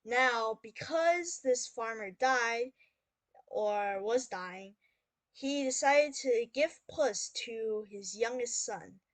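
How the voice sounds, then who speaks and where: Female storyteller-teacher, unhurried, close and dry, patient read-aloud. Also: a little high, animated, dry recording. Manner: slow, clear, explains then reads aloud. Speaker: English teacher reading a story.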